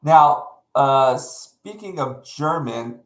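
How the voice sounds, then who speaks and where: A man's voice: mid-range voice, lively intonation, extremely slow. Rambling man, echoey room. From North Carolina, USA. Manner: rambling, self-correcting, friendly. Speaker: live art streamer. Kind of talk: casual chat with chat viewers.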